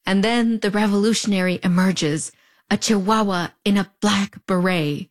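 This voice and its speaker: A woman's voice: mid-range voice, moderate pace. A woman in her thirties with a US-Mexico border accent, telling a scripted story in a wry, conversational way with playful asides. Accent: US-Mexico border (fronterizo). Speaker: host. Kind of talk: scripted narration.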